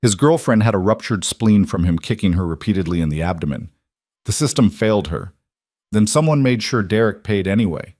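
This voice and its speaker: A man narrating an audiobook voices a weary female detective who questions in a measured, level way. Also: lowish voice, expressive, darkish tone, dry recording. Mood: pressing.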